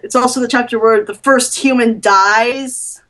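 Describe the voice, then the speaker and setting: A woman's voice: fairly high pitch, fairly even intonation, a little slow, a bit bright, low-quality recording. A woman, writer and director of an audio drama, talking casually with her cast over a video call.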